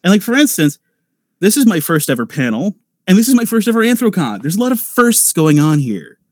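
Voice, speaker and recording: A man talking through voice-acting tips in a loose, rambling way, full of fillers and restarts. His voice sits a little higher than most men's, and the sound is dry and close. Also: sing-song, fairly quick, no echo. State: nervous at first panel. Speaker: voice actor on a convention panel. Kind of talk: casual advice talk.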